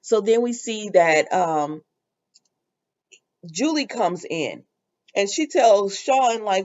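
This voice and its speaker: A woman's voice: medium pitch, expressive, takes it slowly, long pauses, darkish tone, dull audio. A woman hosting a casual soap opera recap, chatty and opinionated, with lots of fillers.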